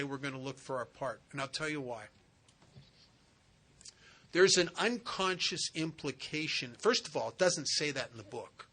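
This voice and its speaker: A man's voice: mid-range voice, pushed and bright. A man speaking at a spiritual retreat, telling a recovery story in an earnest way and acting out the dialogue. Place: retreat center hall.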